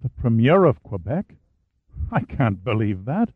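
A man's voice: medium pitch, big pitch swings, unhurried, husky, no room sound. A man voicing an earnest English-Canadian deputy prime minister, anxious and protesting. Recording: phone-like narrow band, dry.

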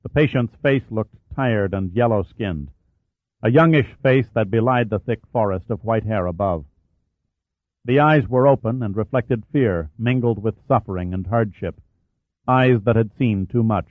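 A man narrating an audiobook in a measured, dramatic way, his voice pitched in a middle range. The sound is dry and squeezed into a narrow, phone-like band. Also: dry recording. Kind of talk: scripted narration.

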